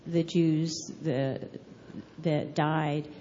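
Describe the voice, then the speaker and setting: A woman in a class asking a question in a halting, hesitant way, with many fillers. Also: sits low, steady tone, dark tone, long reverb tail, dull audio, slight background noise.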